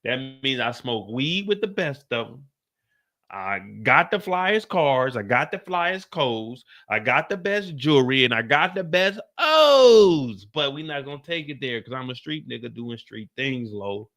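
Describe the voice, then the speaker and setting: A man's voice: mid-range voice, big pitch swings, a little slow, a bit bright, voice pushed down. A man voicing a defiant young male street hustler who talks in a boastful, dismissive way.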